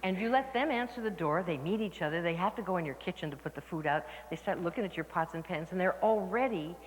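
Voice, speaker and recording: Low-voiced woman telling stories in a hall. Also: quick pace. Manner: lively, laughing, acts out quoted people. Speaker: workshop speaker. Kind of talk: storytelling talk to a live audience. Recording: reverberant hall with faint noise.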